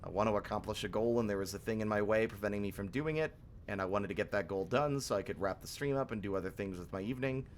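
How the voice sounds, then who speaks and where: A man's voice: on the low side, quick pace, a little hiss or hum. A young man live-streaming a game, talking casually and frankly, grumbling and swearing freely.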